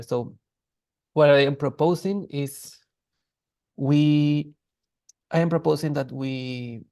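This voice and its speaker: A man's voice: mid-range voice, darkish tone, no room sound. A man teaching an online language class in a casual, restarting way, demonstrating sounds.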